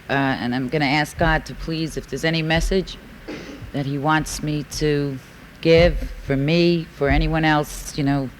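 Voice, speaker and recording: A woman's voice: low voice, poor audio. A woman speaking to a convention crowd, rambling and heartfelt, full of fillers. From New York. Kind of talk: recovery share at a convention. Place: large convention hall. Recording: faint hiss from a 1980s tape.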